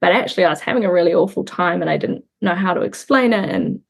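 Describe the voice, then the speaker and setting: A woman's voice: lowish voice, lively intonation, creaky. Earnest young woman reflecting openly. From New Zealand. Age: young adult. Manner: reflective, earnest, pauses and restarts while recounting. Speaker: interview guest. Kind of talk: candid conversational interview.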